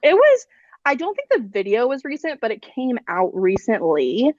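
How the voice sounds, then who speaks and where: A young woman guest on a pop culture podcast, rambling and animated in casual chat and swearing freely. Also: a little high, moderate pace, no room sound, highs cut off.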